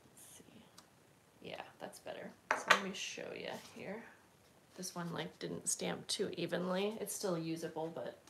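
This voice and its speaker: A woman's voice: lowish voice, fairly even intonation, a little slow, vocal fry, noisy background. A woman hosting a casual craft livestream, chatting and rambling with lots of fillers while she stamps and works at her table. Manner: chatty, rambling, many fillers and self-corrections.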